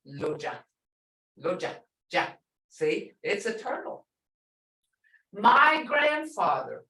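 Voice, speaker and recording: A woman teaching a language class, repeating words slowly and quizzing her students. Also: lowish voice, sing-song, a bit bright. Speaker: language instructor. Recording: echoey room, distant mic.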